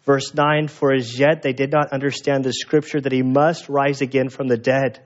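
A man preaching a sermon in a lively, animated way, acting out the voices of people in the story. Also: medium pitch, moderate pace, muffled recording. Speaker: pastor.

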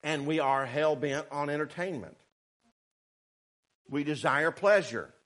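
Man, sermon, fervent, high voice, loud then hushed. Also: unhurried. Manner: fervent, rising to shouts, then quiet and sarcastic. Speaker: preacher.

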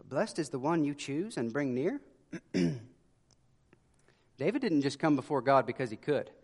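A man preaching a sermon in an earnest way, dropping to a hush for emphasis. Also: fairly high pitch, big pitch swings, a little slow. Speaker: pastor. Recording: long hall reverb.

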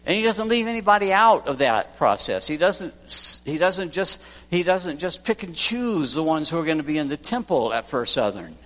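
A man who is a pastor preaching a sermon, swinging from loud emphasis to hushed lines. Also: a little high, lively intonation, normal speed. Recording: long church reverb.

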